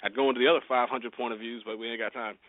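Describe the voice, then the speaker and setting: A man's voice: mid-range voice, little pitch movement, very fast, no echo, narrow, tinny audio. A man hosting a casual talk show, giving joking, rambling advice on promoting music, often laughing. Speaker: podcast host.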